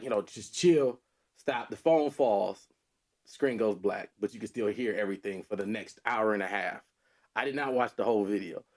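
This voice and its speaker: A man co-hosting a podcast, telling a story in casual chat, rambling with lots of fillers and restarts. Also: lowish voice. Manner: rambling, repeats himself, many fillers. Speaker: podcast co-host.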